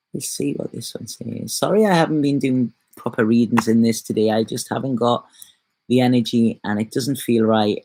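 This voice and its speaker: A woman reading tarot cards for her vlog, talking in a soft, gentle, rambling way that often turns emotional. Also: rumbling low, no echo. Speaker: tarot reader. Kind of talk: casual spiritual vlog chat. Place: at home in bed.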